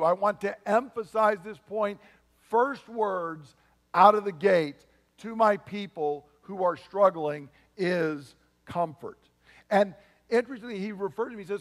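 Pastor, male, emphatic preaching with asides, higher voice, long church-hall echo. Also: unhurried. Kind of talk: sermon.

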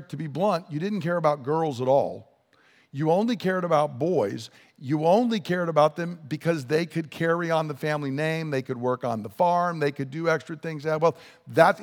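A man's voice: a little high, long reverb tail. A man preaching a sermon, blunt and emphatic as he explains scripture and voices its dialogue. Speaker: pastor.

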